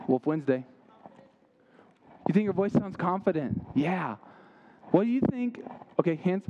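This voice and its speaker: A man's voice: sits high, very animated, measured pace, narrow, tinny audio, slight background noise. A young man giving an interactive sermon, quizzing his listeners and making playful asides. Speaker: youth camp speaker.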